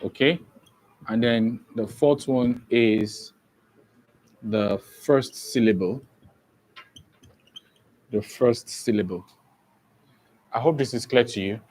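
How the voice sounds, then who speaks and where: This man's voice is mid-range and slightly mellow, and the recording is rough. Leading an online English exam-prep class, he explains each step slowly, repeats the important terms, and keeps pausing to ask "okay?"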